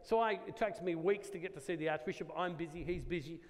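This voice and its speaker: An Australian man giving a Catholic talk to a live audience, animated and self-deprecating, acting out the dialogue in his story. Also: a little high, fast talker. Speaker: Catholic speaker at a church gathering. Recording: long reverb of a large hall.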